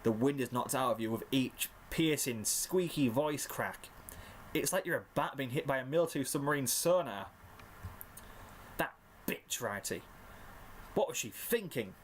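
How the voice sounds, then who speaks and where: Man, story narrator, mock-dramatic, average pitch, faint background hiss. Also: lively intonation, moderate pace. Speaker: fanfiction reader.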